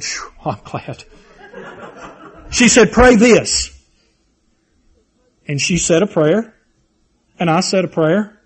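رجل واعظ بلهجة جنوبية أمريكية، بصوت مرتفع الطبقة، يلقي عظة بحماس وتكرار إيقاعي ويروي قصصاً شخصية. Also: male voice, sits high, slightly rough. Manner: fervent, repetitive preaching cadence with personal storytelling. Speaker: preacher. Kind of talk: sermon.

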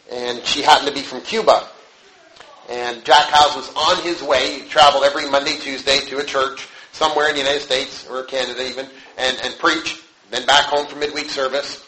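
A man pastor preaching a sermon, telling a story in a conversational, halting way with rhetorical questions. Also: mid-range voice, steady tone, sharp tone. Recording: echoey room, faint noise.

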